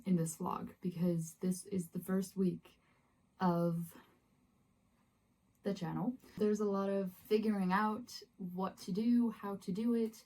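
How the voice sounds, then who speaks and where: Sitting in her bedroom, a young woman talks about books to her phone camera in a relaxed vlog style, giggling and using fillers frequently. Her voice is mellow and medium-pitched.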